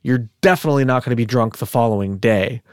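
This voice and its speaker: A man's voice: mid-range voice, quick pace, clean tone, no echo, clean studio sound. A man hosting a podcast in casual, rambling chat, laughing often. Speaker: podcast host.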